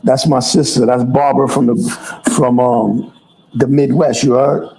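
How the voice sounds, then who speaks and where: A man's voice: mid-range voice, steady tone, unhurried, gravelly, warm tone, slight background noise, low-quality recording. A man chatting casually on a livestream, loose and profane, full of street slang and restarts. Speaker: livestream host.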